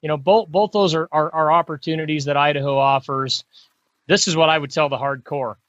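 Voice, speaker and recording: A man's voice: a little high, steady tone, a little fast, fairly bright tone, no room sound, dull audio. A middle-aged man talking casually on a podcast as a guest, rambling and repeating himself. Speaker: mule deer hunting guest.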